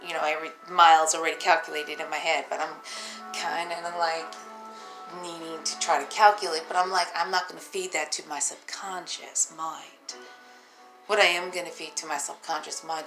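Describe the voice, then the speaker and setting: A woman's voice: deep voice, normal speed, gravelly, music in the background. A tired single mother talking straight to her phone camera in a raw, profane, rambling vlog, laughing to herself between thoughts. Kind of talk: raw unscripted vlog monologue.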